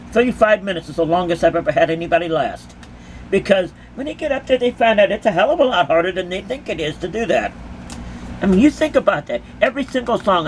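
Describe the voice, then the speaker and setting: A woman's voice: mid-range voice, a little hiss or hum. A woman who dances at concerts giving an impassioned, emphatic monologue to her critics, full of repeated rhetorical questions.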